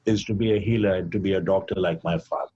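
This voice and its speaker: Older man telling a measured, husky story. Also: low voice, fairly even intonation, dark tone, lo-fi sound. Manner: measured storyteller who acts out quoted dialogue. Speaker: guest, physician. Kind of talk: storytelling in a podcast interview.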